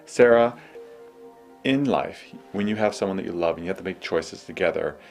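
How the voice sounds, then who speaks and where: Deep-voiced calm man giving advice. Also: gravelly, faint music behind. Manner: slow, soothing, guiding breathing exercises. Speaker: host.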